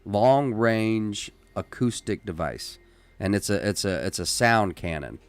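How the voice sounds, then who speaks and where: A man hosting a casual live-stream podcast, who talks in an emphatic, rambling way with many restarts and works himself up into loud, excited rants. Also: on the low side, unhurried. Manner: rises into loud, excited ranting. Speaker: podcast host.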